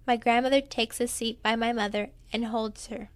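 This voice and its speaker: A woman reading a first-person memoir aloud in a plain, quiet storytelling manner. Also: fairly high pitch, fairly even intonation, normal speed, dry recording. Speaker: narrator.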